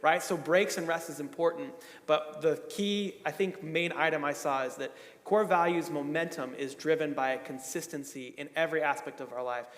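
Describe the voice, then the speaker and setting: A man's voice: a little high, fairly even intonation, moderate pace, hardly any pauses, a bit bright. A man moderating a conference panel, summarizing answers with playful asides. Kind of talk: panel discussion. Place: conference stage. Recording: echoey hall.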